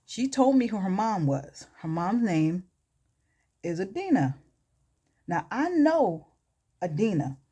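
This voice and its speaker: A woman voicing a calm, composed male rapper who speaks in a steady, matter-of-fact way. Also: mid-range voice, slow, pauses often, slightly rough, full character voice.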